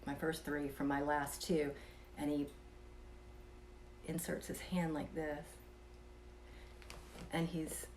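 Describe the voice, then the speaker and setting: A woman telling a personal story in a casual, soft-spoken way, sometimes dropping to a whisper and chuckling between thoughts. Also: sits low, a little hiss or hum. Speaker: vlogger telling a personal experience.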